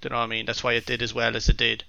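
A man from Ireland reviewing a stout on a podcast with lively enthusiasm. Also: mid-range voice, racing, gravelly, no echo, muffled recording. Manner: enthusiastic, animated. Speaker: podcast co-host, beer reviewer. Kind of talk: casual chat.

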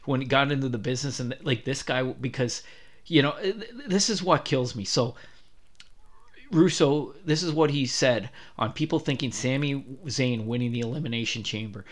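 A man's voice: mid-range voice, normal speed. A man co-hosting a podcast, ranting bluntly and swearing freely, with many restarts. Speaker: podcast co-host. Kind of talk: heated podcast rant.

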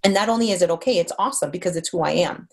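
A woman's voice: on the low side, racing. A woman who is a voice-over artist, speaking earnestly and from the heart on a podcast roundtable, with frequent fillers. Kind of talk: casual podcast roundtable chat.

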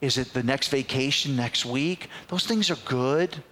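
A man's voice: mid-range voice, measured pace. A middle-aged man, a pastor preaching a sermon and telling personal stories, acting out other people's voices along the way. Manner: animated storyteller who acts out other voices. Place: church sanctuary.

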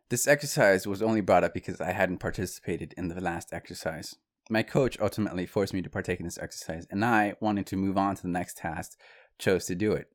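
A man telling a personal story to viewers in a casual, conversational monologue, with asides and restarts. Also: low-pitched.

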